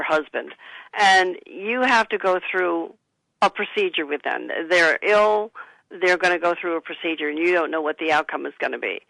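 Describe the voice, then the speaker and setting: A woman's voice: fairly low pitch, gravelly, sharp tone, dry recording, rough recording. A woman who is an author, giving earnest advice as a guest in a radio interview. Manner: earnest, advising, gives listeners example phrases. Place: studio.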